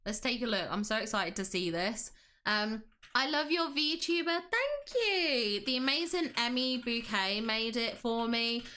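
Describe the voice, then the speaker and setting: A woman's voice: fairly high pitch, sharp tone. A woman hosting a casual livestream, gushing with enthusiasm and reading chat aloud. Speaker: livestream host.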